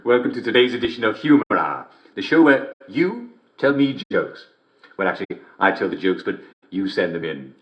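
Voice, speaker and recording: A man's voice: fairly low pitch, very animated, moderate pace, highs cut off. An actor playing a jovial English radio show host in a game, chuckling constantly as he reads out jokes. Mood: jolly. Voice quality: constant chuckling, theatrical cheer. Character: jovial radio show host, male middle-aged, relentlessly cheerful. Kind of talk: game character radio broadcast. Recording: game dialogue recording.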